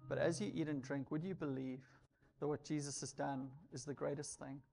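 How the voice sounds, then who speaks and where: A male pastor with a gravelly, creaky voice, guiding a church through communion. His delivery stays level and steady, with little rise and fall in pitch. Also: a little fast. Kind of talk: sermon.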